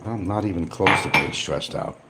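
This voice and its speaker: Blunt, lively low-voiced man chatting. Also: moderate pace, vocal fry, very noisy. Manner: blunt, combative, rambling asides; eating while talking at times. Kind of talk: casual livestream chat.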